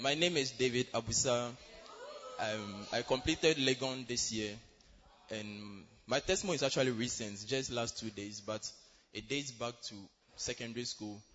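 A man's voice: medium pitch, a bit bright. Man in his 20s from Ghana, church testimony, polite and hesitant, dull echoey recording. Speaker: church member giving testimony.

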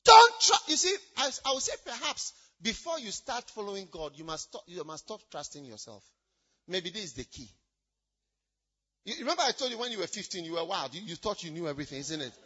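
A woman preacher delivering an emphatic sermon, repeating herself, swinging between loud shouted lines and hushed asides. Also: medium pitch, big pitch swings, a little fast, breathy edge, dull audio.

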